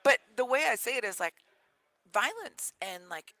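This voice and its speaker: A woman's voice: on the high side, moderate pace, no room sound, rough recording. A woman guest, a football coach, telling stories in a radio interview and acting out the people in them. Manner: animated, acts out the people in her stories.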